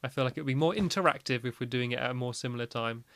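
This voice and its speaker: A man's voice: medium pitch, rapid-fire, a bit bright, no room sound. A man giving casual, rambling gameplay commentary, with lots of "like" fillers and light laughs. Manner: chatty and rambling, with frequent "like" fillers and small laughs. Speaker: gaming video host.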